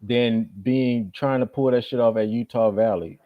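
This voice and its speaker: A man's voice: medium pitch, fairly even intonation, normal speed, no echo. A man co-hosting a podcast, talking bluntly in a heated casual debate. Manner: blunt, laughs off disagreement. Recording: dry, muffled lo-fi audio.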